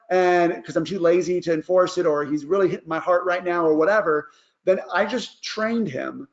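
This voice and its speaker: A man's voice: high voice, fairly quick, muffled recording. A man who works as a life coach gives a casual parenting advice lesson and keeps checking in with "all right?".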